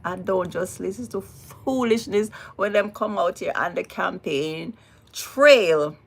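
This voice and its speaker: A woman's voice: fairly low pitch, slow, creaky. A woman with a Jamaican accent hosting a casual livestream, talking emphatically and repeating words for weight. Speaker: livestream host.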